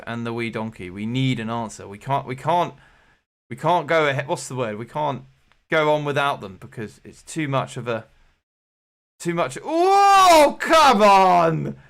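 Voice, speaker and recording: A man's voice: medium pitch, moderate pace, fairly bright tone. A man hosting an online quiz with jokey, rambling game-show patter. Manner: jokey, rambling, playful showman.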